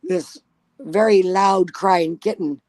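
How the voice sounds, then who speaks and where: A woman's voice: mid-range voice, expressive, takes it slowly, darkish tone, dry recording. A woman telling a spooky personal story in casual chat, blunt and profane. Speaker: guest storyteller.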